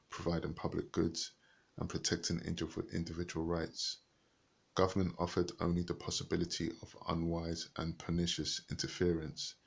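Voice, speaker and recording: A man reading a book aloud haltingly, stopping to look up words and rereading passages. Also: sits low, vocal fry, husky. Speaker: reader.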